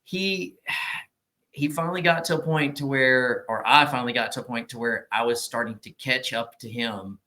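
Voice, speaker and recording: A man, a gym owner telling loud, profane stories on a casual podcast. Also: medium pitch, normal speed. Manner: loud, profane storyteller acting out quotes. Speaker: gym owner and powerlifting coach.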